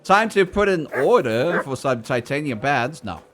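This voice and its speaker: Guy streaming a game, super animated, talks to chat and laughs loud. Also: medium pitch, moderate pace. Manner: loud laughing reactions, chatting with viewers. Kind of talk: casual gameplay commentary.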